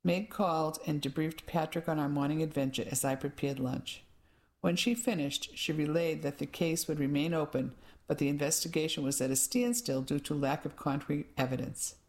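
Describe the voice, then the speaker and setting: A woman narrating a first-person audiobook in an even, measured way. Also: sits low.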